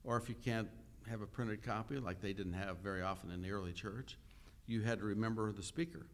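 A man preaching a sermon and teaching from a Bible passage, talking conversationally, asking questions and pausing often with "uh.". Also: on the low side, steady tone. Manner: unhurried teaching with frequent "uh" pauses; conversational, asks the listeners questions. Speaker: pastor.

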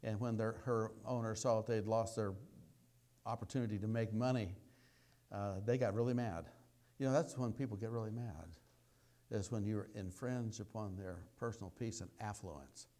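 A man preaching a sermon, telling a story in a folksy way, dropping to quiet asides and rising to loud exclamations. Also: fairly low pitch, fairly even intonation, normal speed.

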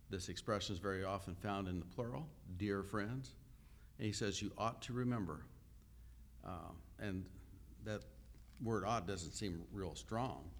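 Low-voiced man preaching a sermon. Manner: unhurried teaching with frequent "uh" pauses; conversational, asks the listeners questions. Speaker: pastor.

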